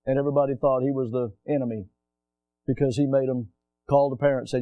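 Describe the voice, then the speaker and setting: A man preaching a sermon, reading scripture aloud and asking his congregation questions, swinging between quiet asides and loud emphatic rises. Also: mid-range voice, a little fast, dry recording, highs cut off. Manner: reads scripture aloud in old-fashioned wording. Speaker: pastor.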